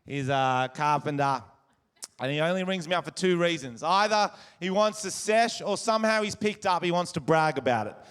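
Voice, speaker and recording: A man's voice: on the high side, moderate pace, a bit bright, clear, resonant tone. A man with an Australian accent doing crude, brash stand-up comedy and crowd work on a stage before a live audience. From Wollongong, Australia. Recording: live show with audience noise.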